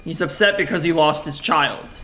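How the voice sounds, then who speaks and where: A bright, clear-toned man talks through a text adventure, reading its lines aloud and reacting with casual, profane asides. The recording carries a faint hiss underneath. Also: a little high, normal speed. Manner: casual, swears, jokey self-talk; reads game text aloud in a flat voice. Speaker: gaming streamer. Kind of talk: let's play commentary, reading game text aloud.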